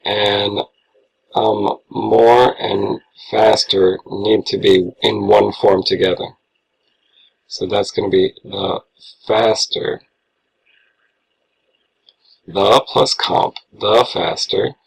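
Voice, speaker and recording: A man's voice: fairly low pitch, fairly even intonation, drawn-out words, gravelly, pauses often, husky, low-quality recording. A man teaching a grammar lesson, patiently walking through worksheet answers step by step as he marks corrections. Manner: patient, explains step by step, talks through his writing. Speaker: English teacher.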